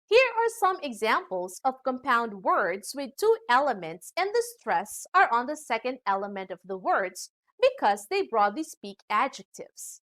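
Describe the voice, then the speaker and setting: A woman teacher giving a recorded English lesson, speaking deliberately and stressing each example word. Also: a little high, very animated, fairly bright tone.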